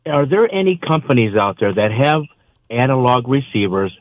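A man's voice: mid-range voice, big pitch swings, moderate pace, no room sound. A man calling in to a radio show, asking his question politely and formally over a phone line. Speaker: radio caller. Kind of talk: call-in question. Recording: dull dry phone line.

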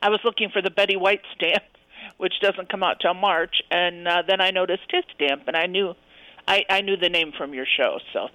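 Woman caller on a phone-in, bright tone, dry close sound, friendly and chatty. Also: fairly low pitch, no echo, rough recording. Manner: friendly, chatty, quick to laugh. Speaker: radio caller. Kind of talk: casual chat on a phone-in show.

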